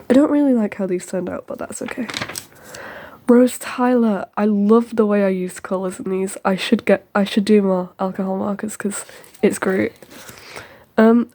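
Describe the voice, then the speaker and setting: A teenage girl talks her way through her sketchbook in a relaxed, rambling voice-over. Her tone is mellow and warm, at an ordinary pitch for her age. She fills the gaps with ums and tosses in quick side comments as she moves along. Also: slight background noise. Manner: rambling and chatty, with many ums and quick asides. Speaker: sketchbook tour host.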